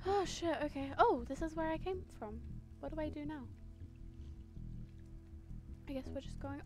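A young woman giving live gameplay commentary as a streamer, excitable, swearing freely and exclaiming at what she sees. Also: sits high, moderate pace, pauses often. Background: game music.

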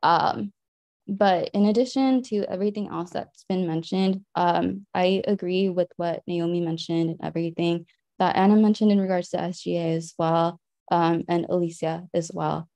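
A young woman, a student council member, giving earnest, measured remarks at a meeting with frequent pauses. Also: on the low side, steady tone, warm tone, no echo. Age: young adult.

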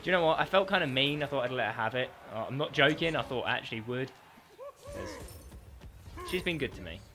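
A man giving excitable, sweary commentary on his own gameplay, trash-talking as he plays. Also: medium pitch, quick pace, noisy background. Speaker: gaming YouTuber.

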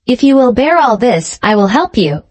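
Woman reading a scheming old sea witch from a storybook: cold, deliberate, mocking. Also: a little high, very animated.

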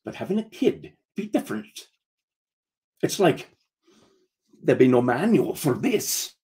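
A man's voice: mid-range voice, big pitch swings, a little slow, warm tone. A man reading a comic story aloud as a first-person pirate, using "be" in place of the usual verbs.

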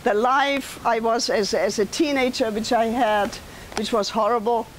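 A woman's voice: fairly high pitch, fairly even intonation, unhurried, a little hiss or hum, rough recording. A woman in her seventies with a German accent, telling her life story to an audience in a conversational way, turning to listeners with asides. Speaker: guest speaker and author.

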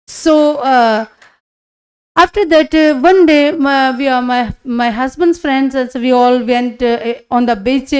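A woman, giving a personal testimony at a church conference in halting, broken full of hesitations. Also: high voice, steady tone.

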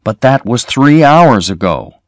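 A man's voice: mid-range voice, sing-song, measured pace, no echo, clean studio sound, voice pushed up. A man voicing an urgent, worried man. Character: worried adult man helping his friend.

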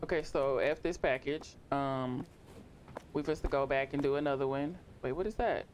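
A horror game streamer giving let's play commentary, talking to themself and jumping into sudden high-pitched yelps. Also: moderate pace, slight background noise. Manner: talks to themself, reads game text aloud.

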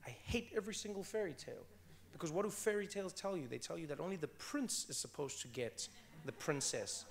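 Male guest, 30s, from South Africa: animated conversational storyteller who stumbles and restarts. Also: on the high side, a little fast, vocal fry. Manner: animated, repeats words when restarting, laughs while telling stories. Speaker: author and comedian guest.

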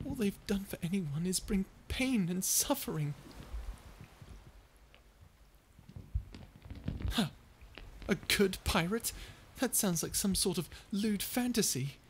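A woman's voice: medium pitch, expressive, unhurried, a little hiss or hum, natural voice. A woman voicing a prickly young sea creature who stammers and hides her fear behind insults, in a listener-perspective audio drama. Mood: scornful. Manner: stuttering, flustered tsundere bluster.

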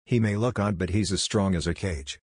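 Stern adult ninja mentor , read by a deep-voiced man. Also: normal speed, a little mellow, slightly rough, no echo, studio quality. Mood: serious. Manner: serious explaining. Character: serious adult male ninja teacher.

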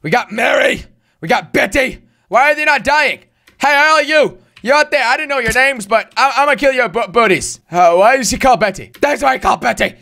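A young man hosting a gaming channel, giving excitable let's-play commentary, talking to himself and shouting and swearing at the game. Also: very high voice, a little fast, vocal fry.

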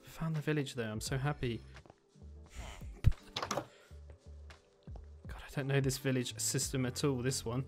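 A man giving chatty let's-play commentary as he plays, thinking aloud with excitable bursts. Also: mid-range voice, a little slow, long pauses, music in the background. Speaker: gaming video creator.

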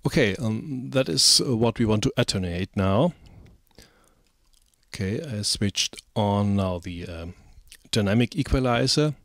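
A man talks through a music software tutorial in a slow, halting way, with many ums and uhs. His voice sits fairly low. The sound is dry and close, with no room around it. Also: lively intonation, dry recording. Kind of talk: screen-recorded software tutorial.

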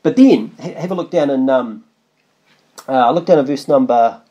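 Rambling preacher with a mellow voice. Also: male voice, medium pitch, lively intonation, normal speed, muffled recording. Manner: conversational, rambling, with restarts and asides. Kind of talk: Bible study sermon, reading scripture aloud.

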